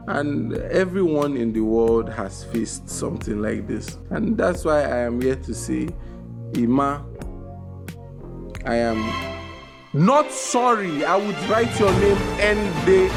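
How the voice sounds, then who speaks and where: A young man doing a casual, joking review, animated, with bursts of loud exclamations. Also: medium pitch, gravelly. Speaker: video reviewer.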